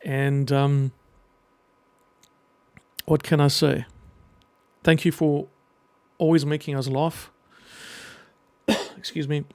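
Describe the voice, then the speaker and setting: A middle-aged man speaking earnestly and emotionally in a personal message to camera, pausing often as he talks. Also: a little high, flat delivery, a little mellow, clear, resonant tone, no room sound. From half Greek. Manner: earnest, halting, emotional, with pauses. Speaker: vlogger and children's book writer.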